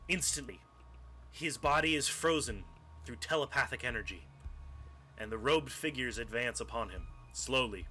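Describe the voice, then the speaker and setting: A young man streaming live, casually telling a tabletop game story, animated and profane, acting out scenes as he goes. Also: mid-range voice, a little hiss or hum. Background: faint music.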